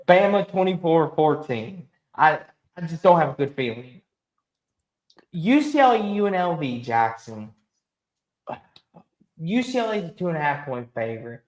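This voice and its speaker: A man hosting a casual sports talk show, ranting emphatically and talking with animated energy. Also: on the high side, unhurried, pauses often, echoey room, low-quality recording. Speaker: host.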